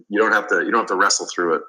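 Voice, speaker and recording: Male podcast guest, low pitch, bright and forceful delivery, talks earnestly. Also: low-quality recording. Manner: earnest storytelling with fillers and restarts. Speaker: guest, business consultant. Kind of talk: casual interview.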